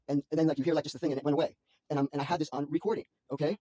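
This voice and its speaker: A man talking to his mother on a phone call, rambling anxiously with halting restarts and repeated words. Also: on the high side, steady tone, warm tone, no echo. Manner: anxious, frantic storytelling.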